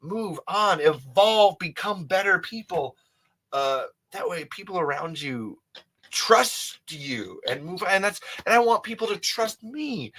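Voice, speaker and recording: A man's voice: a little high, sing-song, a little slow, a bit bright. A man in his thirties hosting a casual livestream, rambling emphatically with many restarts and frequent swearing. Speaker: livestream host.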